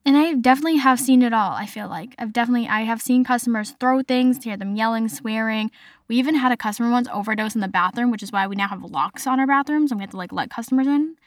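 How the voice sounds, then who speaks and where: In a clean studio recording with no room sound, a young woman hosts a podcast and tells stories in a chatty, casual monologue. Her voice is fairly high and her pace quick. She retells events animatedly, peppering them with "like."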